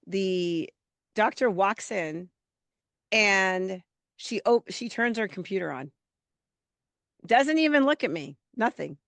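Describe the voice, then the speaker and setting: Female podcast host, chatty animated storyteller, slight head cold, dry close sound. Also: medium pitch, vocal fry, dry recording. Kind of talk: podcast conversation.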